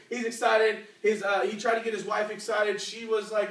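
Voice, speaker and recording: High-voiced man preaching in an echoey church. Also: fast, hardly any pauses, fairly bright tone, far from the mic. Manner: conversational, asks the crowd questions, many fillers. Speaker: youth preacher. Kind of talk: sermon with storytelling. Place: church youth service, large room. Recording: echoey room, voice from off-mic.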